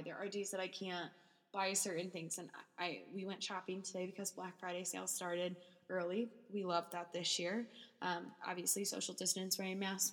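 A woman's voice: on the low side, big-room sound. A young woman hosting a candid solo podcast from a basement office, emotional and rambling, close to tears, with many restarts and fillers. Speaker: podcast host.

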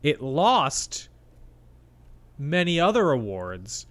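A young man co-hosting a film podcast, reading out facts in a halting, relaxed way and chatting casually. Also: a little high. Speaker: podcast co-host. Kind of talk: casual chat.

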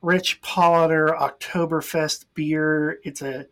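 A man's voice: on the high side, fairly even intonation, takes it slowly, fairly bright tone. A man co-hosting a podcast in casual chat, easygoing and making dry quips. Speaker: podcast co-host.

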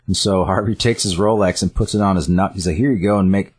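A man's voice: low-pitched, fairly even intonation, fast, breathy edge. A man casually retelling a story scene by scene, rambling with fillers and self-corrections.

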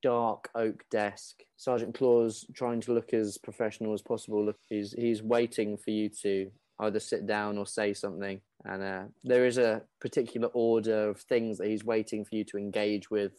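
A man's voice: lowish voice, flat delivery, normal speed, few pauses, a little mellow, no echo. A man narrating a tabletop role-playing game as game master, in casual, filler-heavy speech.

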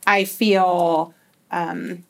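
A woman in casual conversation, speaking reflectively and haltingly as she shares a personal story. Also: lowish voice, steady tone. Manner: reflective, halting, many restarts. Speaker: guest sharing a personal story.

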